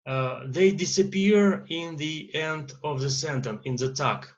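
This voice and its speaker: A man with a Russian accent teaching an English grammar lesson, pausing often with "uh" fillers. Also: fairly high pitch, muffled recording. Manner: lecturing with many uh fillers and pauses.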